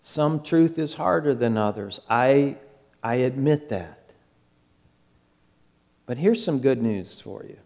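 A pastor preaching a sermon, slow and emphatic, with quick acted-out asides. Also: male voice, medium pitch, animated, creaky, a little mellow, big-room sound.

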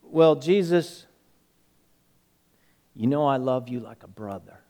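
A man's voice: mid-range voice, expressive, slow, dark tone, big-room sound, pitched below the performer's own voice. A preacher doing a rowdy, defensive fisherman. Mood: sheepish. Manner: blunt, protesting.

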